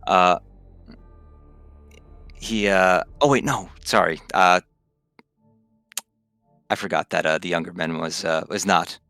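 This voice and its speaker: A man narrates a tabletop game as game master, halting and full of restarts. His voice is very deep and gravelly, with a bright, forceful tone. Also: dry recording, soft background music. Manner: halting, many fillers and restarts.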